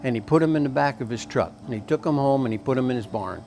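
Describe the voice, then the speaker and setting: A man's voice: mid-range voice, fast talker, a little mellow. A man with a Tennessee accent, a country store owner, telling stories casually in a folksy, rambling way with many fillers. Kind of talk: casual storytelling.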